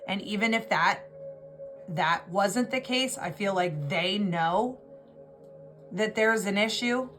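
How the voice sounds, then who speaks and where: A woman's voice: mid-range voice, takes it slowly, pauses often, over music. A woman giving an intuitive tarot reading, talking in an emotional, rambling way and often restarting her words. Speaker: tarot reader.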